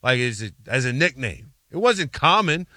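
Male sports talk co-host from Metro Detroit, bright and forceful, dry studio sound, animated storyteller. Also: medium pitch, normal speed, no echo. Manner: animated, storytelling, rambling asides. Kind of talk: casual sports talk chat.

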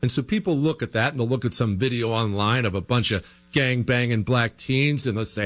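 A man hosting a commentary show, giving an emphatic opinion monologue full of rhetorical questions and slow, stretched stresses on key phrases. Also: dry recording. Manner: animated and emphatic, with big pitch swings and rhetorical questions.

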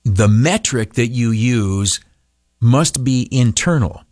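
A male radio broadcaster gives a motivational talk at a middle pitch, his voice swinging widely up and down as he goes. He often stops on filler uhs and slips into mocking high voices for the people he quotes. The sound is dry and close, with no room around it. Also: animated, takes it slowly, darkish tone, no echo.

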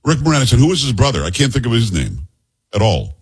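A man's voice: medium pitch, sing-song, quick pace, husky. A middle-aged man hosting a podcast in casual chat, rambling into joking asides and teasing his co-host. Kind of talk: casual talk-show chat.

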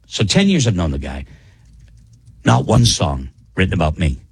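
A man's voice: low voice, big pitch swings, normal speed. A man hosting a casual morning radio show, rambling along in an easygoing way with plenty of fillers.

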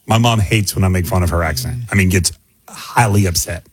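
A man's voice: low voice, a little fast. A man co-hosting a radio show, telling a story in a casual, earnest way. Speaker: radio co-host. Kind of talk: casual on-air chat.

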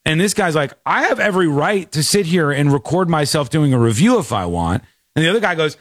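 Host, male, lively pitch, slightly high, dry studio sound, playful mimicry. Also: brisk, dry recording. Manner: animated, laughing, mimics voices in mocking quotes. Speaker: radio show host. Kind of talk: casual on-air commentary.

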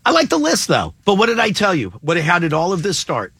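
Male morning radio host, high bright voice with gravelly fry, playful and quick to laugh. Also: dry recording. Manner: animated, laughs often, playful.

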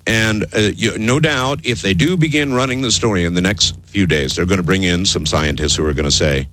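A man's voice: brisk, hardly any pauses, a little hiss or hum. A man hosting a call-in radio talk show, taking callers and talking emphatically to his listeners. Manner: animated, emphatic, swoops low for mock voices.

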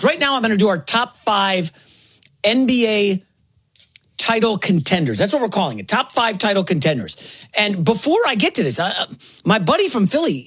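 A man in his forties filling in as host of a sports radio show, talking fast and excitedly with quick asides and self-corrections. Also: high-pitched, slightly rough, dry recording. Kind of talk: energetic sports talk.

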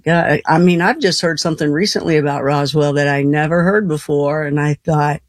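A woman's voice: low voice, steady tone, a little fast, hardly any pauses, no room sound. A woman hosting a late-night call-in radio show, chatty and folksy, laughing easily between callers. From Colorado. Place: radio studio.

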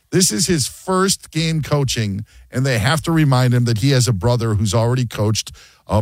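A man's voice: mid-range voice, no echo. A man hosting a sports radio show, chatting casually and joking, often acting out quotes. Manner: animated, jokey, acts out quotes.

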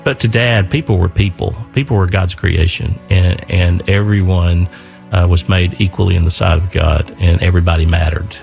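An older man earnestly telling his father's war story, reflective and pausing often. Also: deep voice, steady tone, gravelly, a little mellow, soft background music. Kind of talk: spoken storytelling.

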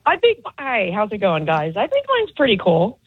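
A woman calling in to a radio show, describing her work in a relaxed, friendly way. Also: medium pitch, moderate pace, slightly rough, no room sound. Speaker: caller. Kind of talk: casual phone chat. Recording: phone line.

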